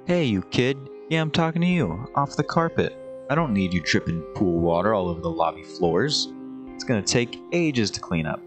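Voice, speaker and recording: A man's voice: lowish voice, very animated, normal speed, music in the background. A man voicing a grumpy, fussy male hotel desk clerk who scolds and bosses a kid around. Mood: scolding. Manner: scolding, bossy.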